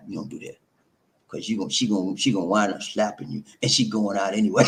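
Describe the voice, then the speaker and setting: A man's voice: medium pitch, lively intonation, normal speed, fairly bright tone. A man giving relationship advice in an emphatic, preachy monologue, repeating himself and calling listeners "man".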